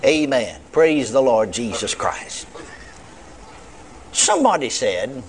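A man's voice: medium pitch, big pitch swings, slow pace, slight background noise. A man preaching a sermon, retelling a conversation and acting out both sides. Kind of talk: sermon with retold dialogue.

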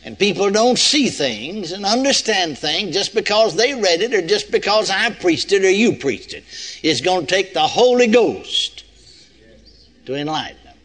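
Older male preacher, folksy, high animated delivery, questions thrown at the pews. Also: moderate pace. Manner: folksy, asks the congregation rhetorical questions. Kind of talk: sermon.

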